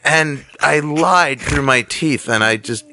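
Animated man telling a comic story. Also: fairly high pitch, slow pace, no echo. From New York. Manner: animated, acting out both sides of a story. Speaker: comedian guest.

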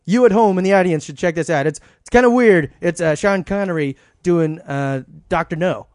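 A man's voice: high voice, moderate pace, a little mellow, no room sound. A man joking around as a podcast co-host in casual chat. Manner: joking, wry.

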